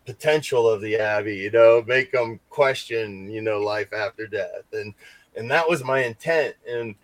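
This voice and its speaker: A man's voice: lowish voice, normal speed, no echo. A man who investigates hauntings, telling a story in casual podcast chat and rambling through fillers and restarts. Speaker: paranormal investigator.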